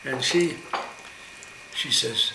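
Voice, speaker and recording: A man telling a ghost story to visitors in a casual, animated way, acting out the voices he quotes. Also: medium pitch, very slow, gravelly, background noise. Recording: echoey room, loud dish clatter. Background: clattering dishes and cutlery.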